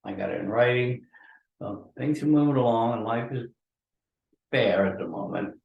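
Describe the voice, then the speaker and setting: A man rambles through a grumbling solo monologue, sounding groggy and worn from pain medication. His voice sits in a middle pitch and carries the hollow ring of a room. The mic is a little distant, and faint music plays underneath. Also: normal speed, vocal fry, lo-fi sound. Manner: ranting and grumbling. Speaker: podcast host. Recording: roomy echo from a distant mic.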